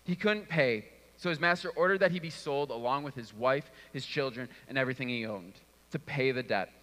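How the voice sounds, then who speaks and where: A man's voice: medium pitch, fairly quick, fairly bright tone, in a large hall. A man giving a conversational sermon and sometimes restarting his words. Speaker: preacher.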